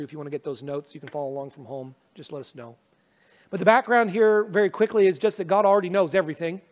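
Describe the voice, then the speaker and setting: High-voiced male pastor preaching in a reverberant church. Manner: earnest, conversational preaching with self-deprecating humor. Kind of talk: sermon with prayer. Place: church sanctuary. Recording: long reverb of a church hall.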